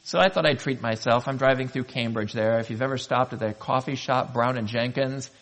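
A man's voice: medium pitch, a bit bright, rough recording. Earnest man preaching a sermon. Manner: earnest storytelling with dramatic pauses, rising in emphasis. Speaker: pastor.

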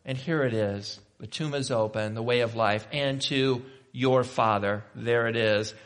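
Man preaching a conversational sermon. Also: mid-range voice. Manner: reads scripture then comments with rhetorical questions; conversational and animated, shifting between slow emphatic and quick asides.

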